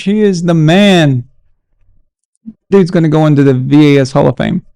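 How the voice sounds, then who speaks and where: A man hosting a casual sports live stream, animated and exasperated as he chats with viewers. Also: a little high, normal speed, gravelly, no room sound, studio quality.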